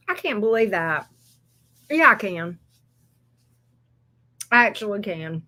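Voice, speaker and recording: A woman's voice: medium pitch, big pitch swings, slow, long pauses, pushed and bright. A woman, chatting casually while she gives tarot readings on a livestream, loose and joking. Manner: chatty and loose, laughs and swears, talks to chat and her pets.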